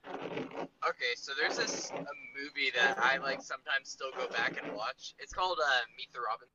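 A young man chatting casually on a podcast, hesitant and halting, with many fillers. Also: mid-range voice, far from the mic. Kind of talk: casual chat. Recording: dull, slightly noisy recording.

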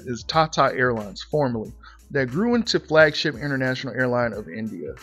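A man's voice: mid-range voice, sing-song, a little fast, a bit bright, slightly rough, soft background music. A man hosting a podcast, reading a news story aloud and then reacting to it bluntly and with laughter. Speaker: podcast host. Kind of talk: casual commentary on news.

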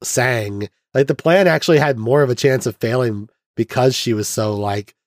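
A man's voice: medium pitch, moderate pace, no echo, studio quality. A young man hosting a podcast, casually retelling a film's plot with chuckles and mock voices. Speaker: podcast host. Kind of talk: casual film recap chat.

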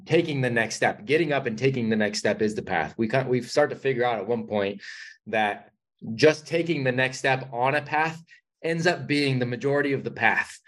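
A man's voice: medium pitch, moderate pace, a bit bright. A man hosting a casual conversation, speaking in an encouraging, affirming way. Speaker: host.

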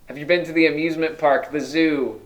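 Guy pastor preaching, kinda higher voice, lots of questions, goes loud then really soft. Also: fairly even intonation, brisk. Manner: rhetorical questions, swings from loud to hushed. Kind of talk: sermon.

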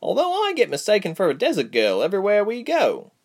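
A blunt, quick-witted young island woman, as a male narrator puts her on. The voice is pitched very high and sounds a little far off. It comes from a storybook reading. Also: huge pitch swings, darkish tone, exaggerated voice.

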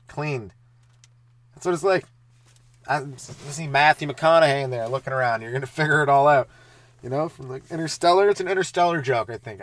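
With no echo, a mid-range male voice carries a solo comedy podcast. The young host swears, rambles freely and tosses off quick tangents.

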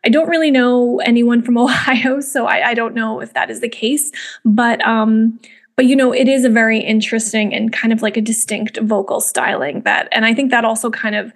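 A young woman hosts a music podcast in a chatty, rambling way, full of fillers and restarts. Her voice sits a little on the high side. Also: steady tone, normal speed. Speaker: podcast host. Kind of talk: casual spoken commentary.

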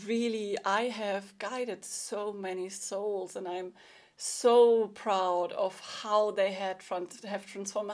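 A woman life coach giving an earnest, emotional solo monologue with soft laughs. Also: medium pitch.

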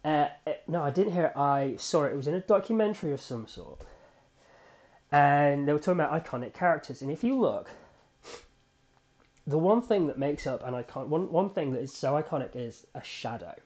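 A man hosting a solo fan podcast, recapping a TV episode in an excitable, animated storytelling way with frequent restarts. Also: fairly high pitch, a little fast, highs cut off. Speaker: podcast host.

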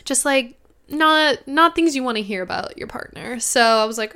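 A young woman co-hosting a podcast, telling a personal story in casual chat, animated and swearing, quoting others. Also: fairly high pitch, slow pace, clean tone. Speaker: podcast co-host.

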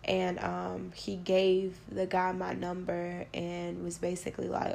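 A young woman speaks candidly and bluntly, swearing freely as she recounts her own story. Her voice stays level with little rise and fall, and it has a rough, gravelly edge. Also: lowish voice, completely flat delivery, unhurried, a little mellow, a little hiss or hum. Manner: blunt, profane, conversational. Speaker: podcast host.

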